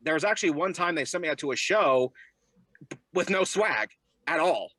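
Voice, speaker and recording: Animated bright-voiced young man telling stories. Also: moderate pace, no echo. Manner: animated, jumps into high voices when quoting people. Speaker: guest. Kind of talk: storytelling in a casual interview.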